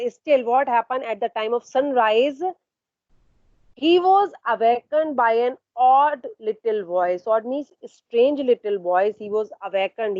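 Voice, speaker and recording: A woman teaching literature online goes through a story one line at a time, asking questions, supplying the answers, and rephrasing and repeating as she goes. She speaks on the high side. The audio is dry, with the high frequencies cut off.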